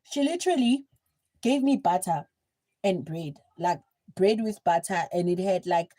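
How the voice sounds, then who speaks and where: A young woman with a South African accent, telling a story in a chatty, animated livestream style. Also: fairly low pitch, unhurried. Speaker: livestream host. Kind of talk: casual storytelling.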